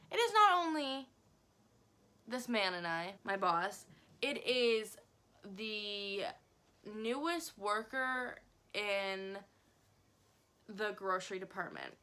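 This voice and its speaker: A woman vlogger telling a story in a casual, animated way, swearing freely and acting out her reactions. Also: medium pitch, slow, long pauses. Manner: profane, animated, dramatic.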